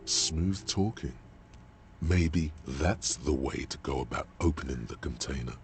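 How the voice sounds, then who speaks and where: Man voicing a blunt, scolding inner voice; deep and unhurried, over game music. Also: slight background noise. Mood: urging. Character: grave inner voice of a detective's mind.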